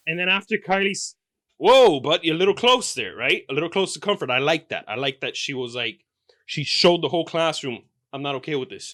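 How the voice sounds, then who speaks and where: A man hosting his podcast, telling a comedic story in a profane, exaggerated rant that keeps bursting into loud outbursts. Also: fairly high pitch, very animated, brisk, no room sound, clean studio sound. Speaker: podcast host.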